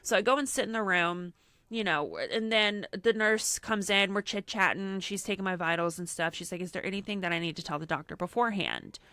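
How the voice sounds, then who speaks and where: A young woman with a bright, forceful voice tells a story in casual podcast chat, slipping into quoted voices as she goes. Her sound is dry and close, with no room around it. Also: mid-range voice, fairly quick, clear, resonant tone, dry recording. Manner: animated storyteller acting out quotes, frequent "like". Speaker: podcast co-host.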